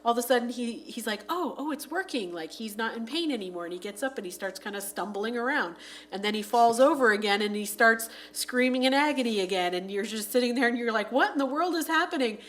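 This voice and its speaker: A woman on a podcast chatting casually about a film, full of "like" fillers and acting out scenes in quick voices. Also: fairly high pitch, a bit bright. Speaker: podcast panelist. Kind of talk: casual movie review chat.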